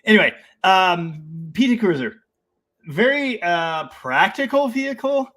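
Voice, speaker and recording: A man's voice: high voice, animated, unhurried, fairly bright tone. A man hosting a casual live stream about cars, reading out viewer comments, laughing often and rambling with enthusiasm. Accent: Canadian.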